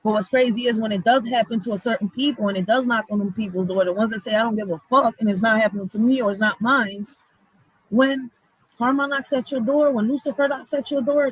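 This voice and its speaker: A woman's voice: fairly high pitch, a little fast, breathy edge, dry recording, low-quality recording. A woman commenting on news clips in a blunt, profane, heated way. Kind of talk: casual live commentary.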